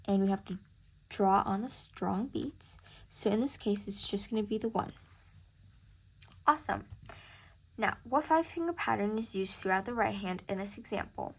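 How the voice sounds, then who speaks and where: A woman's voice: medium pitch, lively intonation, normal speed, pauses often, slightly rough. A woman tutoring music theory in a casual lesson, chatty and thinking aloud as she corrects herself. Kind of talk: casual screen-recorded lesson.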